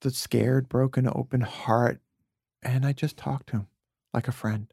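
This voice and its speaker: Man from Brooklyn, podcast guest: earnest, emotional storyteller, low, rough and husky, recorded dry. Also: fairly even intonation, a little slow, no echo. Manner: earnest, emotional storytelling with soft whispered asides. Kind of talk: reflective conversation.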